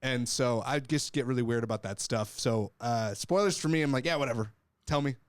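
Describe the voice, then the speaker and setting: A man's voice: mid-range voice, moderate pace, clear, resonant tone, no echo. A young man co-hosting a podcast, explaining his views step by step in casual chat. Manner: analytical, explains points step by step. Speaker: podcast co-host.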